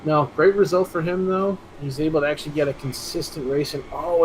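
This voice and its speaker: A man's voice: a little high, steady tone, fairly quick. Casual male race caller, laughs easily, noisy stream audio. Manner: chatty, laughs easily, restarts mid-sentence. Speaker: race commentator. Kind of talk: esports race commentary.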